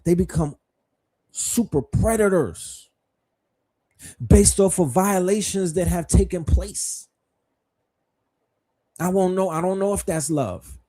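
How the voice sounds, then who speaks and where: Mellow-voiced man hosting a livestream. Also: high-pitched, slow, pauses often. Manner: rhetorical, questioning, profane. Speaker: livestream host. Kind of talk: livestream commentary.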